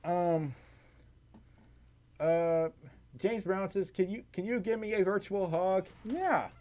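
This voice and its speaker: A man's voice: sits high, fairly even intonation, slow, dark tone, dull audio. A man from the US South, hosting a casual livestream, reading donations and chat with lots of giggles and fillers. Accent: Southern American. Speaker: livestream host.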